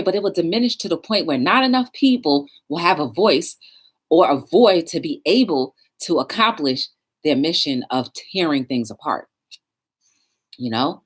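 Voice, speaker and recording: A woman's voice: deep voice, animated, moderate pace, husky. A woman hosting a live talk show, speaking earnestly and emotionally, close to tears. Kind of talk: live stream monologue.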